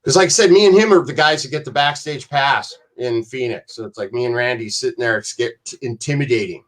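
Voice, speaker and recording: Speaking fairly quickly in a mid-range voice, a man appearing as a podcast guest spins profane, wandering backstage tales with animated storytelling, voicing other people's quoted lines himself.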